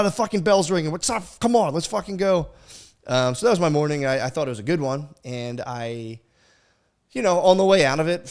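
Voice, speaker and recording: A man in his thirties talks into a studio mic at home, in a loose, rambling solo podcast monologue. His pitch sits in the middle range. He swears often and fills his sentences with filler words. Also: clear, resonant tone. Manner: rambling and profane, with frequent fillers. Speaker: podcast host. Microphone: studio microphone.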